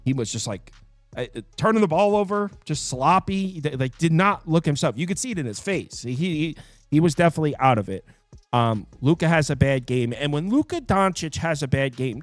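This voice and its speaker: A man hosting a sports betting picks show, talking casually and quickly, full of fillers and quick asides. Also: a little high, no echo. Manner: animated, quick, with fillers and self-interrupting asides.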